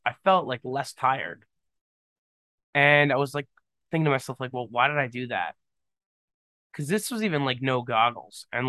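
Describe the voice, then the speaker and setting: Speaking into an on-camera studio mic, this podcast host in his twenties jokes his way through a casual solo show and keeps drifting onto tangents. He has a sharp, clean, mid-range voice, captured with no room sound.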